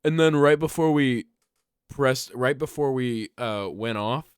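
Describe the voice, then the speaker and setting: Young male podcast co-host, animated comic storyteller, slow easy delivery, dry close mic. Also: medium pitch, clear, resonant tone, dry recording. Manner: animated, laughs often, breaks into loud yelled bits. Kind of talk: casual comedic storytelling.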